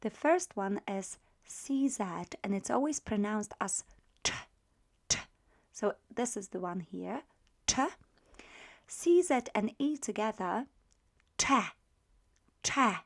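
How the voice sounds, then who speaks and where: A woman's voice: mid-range voice, animated, a little slow, hardly any pauses, mellow. A woman teaching a beginner language lesson, explaining patiently and repeating words for practice. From Poland.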